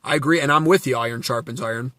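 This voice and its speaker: A man's voice: medium pitch, fast talker, sharp tone, dry recording. A man hosting his own channel, giving blunt, sarcastic political commentary full of swearing and answering viewers' chat. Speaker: channel host.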